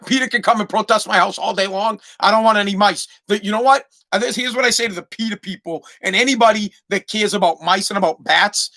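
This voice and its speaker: A man's voice: high-pitched, bright, forceful tone. A man hosting a podcast in a heated, profane rant, often repeating words as he stumbles to get his point out. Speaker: podcast host.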